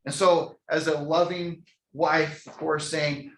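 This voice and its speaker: Male sales trainer, higher voice, energetic motivational delivery, echoey room sound. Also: takes it slowly, hardly any pauses, slight background noise. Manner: energetic, preachy, calls out audience members by name. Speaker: real estate sales trainer. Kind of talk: motivational training talk to an audience.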